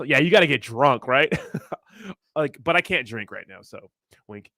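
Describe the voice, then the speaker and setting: A man's voice: a little high, expressive, moderate pace, long pauses, sharp tone, dry recording, studio quality. A man in his thirties hosting a casual livestream, chatting with his viewers in a rambling, profane, laid-back way and laughing often. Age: 30s. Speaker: crypto streamer reading chat.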